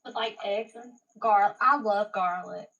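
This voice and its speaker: A woman's voice: medium pitch, measured pace, lo-fi sound. Shy giggly woman, a bit far off. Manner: shy, giggly, warm-hearted. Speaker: live stream guest. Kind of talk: casual chat.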